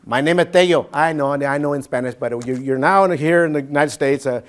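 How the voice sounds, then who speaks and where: A man's voice: fairly high pitch, brisk, lightly acted. A man voicing a polite but condescending gas station attendant with a breezy, falsely friendly manner.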